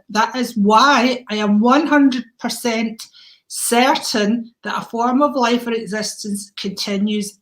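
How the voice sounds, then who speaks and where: Effusive woman hosting a livestream. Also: fairly high pitch. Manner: effusive, enthusiastic, greets viewers by name. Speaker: host, mediumship teacher. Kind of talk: casual livestream chat.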